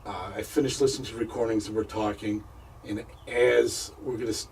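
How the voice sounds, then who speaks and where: A man, a paranormal investigator, telling a personal story as a radio interview guest, halting and repeating words as he goes. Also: lowish voice, fairly even intonation, gravelly, a little mellow, distant mic, slight background noise, rough recording.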